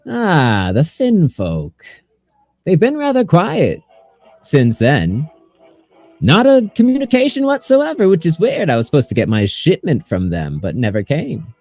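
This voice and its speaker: A man voicing a prim, theatrical bird-man ship captain who speaks in a grand, drawn-out, airy manner. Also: fairly high pitch, wildly swooping pitch, a little mellow, dry recording, voice pushed up, full character voice. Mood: musing.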